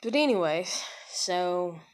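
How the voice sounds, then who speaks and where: A woman with a somewhat low voice talks straight to the camera about her own life. Her telling is loose and rambling, full of "like" and "you know", and she swears without a second thought. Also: lively intonation, takes it slowly. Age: adult with a child. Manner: rambling, frank and profane, with many fillers. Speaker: vlogger. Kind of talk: casual personal storytelling.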